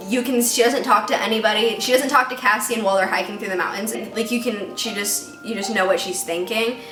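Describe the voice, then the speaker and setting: A woman's voice: medium pitch, far from the mic. A woman giving a casual, ranting book review, chatty and worked-up, with lots of "like"s. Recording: echoey room with music behind.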